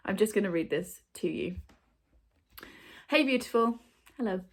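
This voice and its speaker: A woman's voice: medium pitch, lively intonation, brisk. A woman, hosting a book video and chatting to camera at home in front of her shelves. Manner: chatty, bubbly, many ums and likes. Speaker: booktube host. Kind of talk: casual chat to camera.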